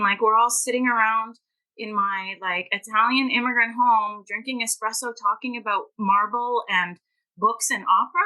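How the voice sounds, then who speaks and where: A middle-aged Canadian woman appears as a guest author in a podcast interview, telling stories animatedly, laughing often, and acting out the people she quotes. Her voice sits on the high side, bright and forceful with a steady tone, at a normal speed. The audio quality is poor.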